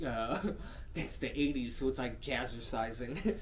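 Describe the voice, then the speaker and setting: A man co-hosting a podcast in crude casual chat, cursing and laughing often, swinging between loud and soft. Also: medium pitch, measured pace, a little hiss or hum. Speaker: podcast co-host.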